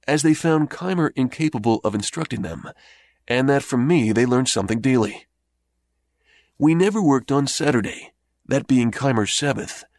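A man's voice: medium pitch, no room sound. Man reading a memoir, dry close sound. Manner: measured, steady first-person reading. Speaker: audiobook narrator. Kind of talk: scripted narration of an old memoir.

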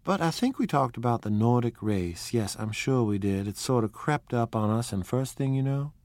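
A man's voice: medium pitch, lively intonation, moderate pace, darkish tone, no echo, natural voice. A man voicing a charming, flighty young society woman in a storybook reading, with a breathless, gushing manner.

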